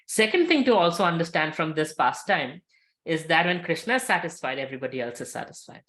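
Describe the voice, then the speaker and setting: A man teaching a scripture lesson, telling a story with lively acted quotes and many fillers. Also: a little high, fairly quick. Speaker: spiritual teacher.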